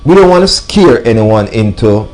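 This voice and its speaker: A man hosts a live radio talk show from a studio. His voice sits fairly low, and he talks in an emphatic, preacher-like way, leaning on repeated phrases and calling out to his listeners. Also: very animated, moderate pace. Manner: emphatic, repeats "ladies and gentlemen". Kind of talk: live talk radio monologue with sponsor reads.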